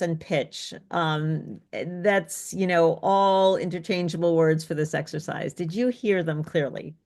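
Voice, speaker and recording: A woman's voice: fairly low pitch, no room sound, studio quality. A woman speech coach leading an online workshop, chatty and friendly, with frequent ums. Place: online video session.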